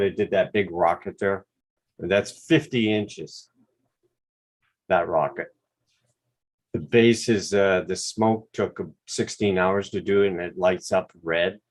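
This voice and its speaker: A man with a Quebec accent, hosting a relaxed, rambling livestream chat over a video call with some mild swearing. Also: low voice. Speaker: drone channel host.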